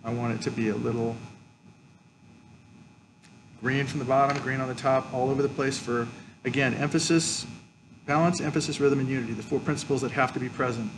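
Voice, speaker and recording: A man's voice: mid-range voice, fairly even intonation, a little fast, long pauses, noisy background. A man teaching a colored pencil drawing lesson, explaining each step as he works. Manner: explains step by step, frequent "okay". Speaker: art teacher. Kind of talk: drawing tutorial with demonstration.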